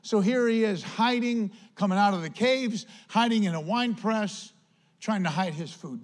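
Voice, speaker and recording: A male pastor preaching a sermon with lively delivery, acting out quoted voices. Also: high voice, moderate pace.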